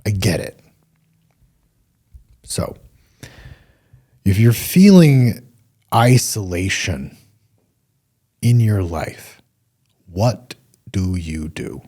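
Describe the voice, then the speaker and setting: A man's voice: low-pitched, sing-song, drawn-out words, long pauses, dark tone, slightly rough. A middle-aged man hosting a solo talk show, speaking earnestly in a coaching way and repeating points for emphasis. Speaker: podcast host.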